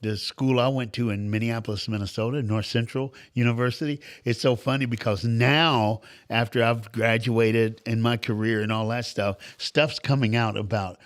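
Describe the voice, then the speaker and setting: Animated middle-aged male storyteller. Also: mid-range voice, moderate pace, hardly any pauses. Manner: animated, acts out other people's lines. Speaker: guest speaker and author. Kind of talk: storytelling in a talk-show conversation.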